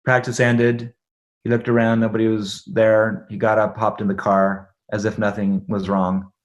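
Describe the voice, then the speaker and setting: A man's voice: fairly low pitch, completely flat delivery, moderate pace, lo-fi sound. A middle-aged man, a podcast guest, telling a personal story in conversation; he acts out the dialogue and laughs often.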